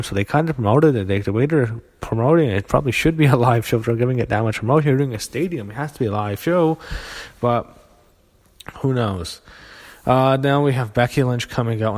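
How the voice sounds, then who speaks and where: A man with a fairly low voice talks through a show he is reviewing. He rants bluntly and swears freely, sounding exasperated and casual. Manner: blunt, profane, exasperated ranting.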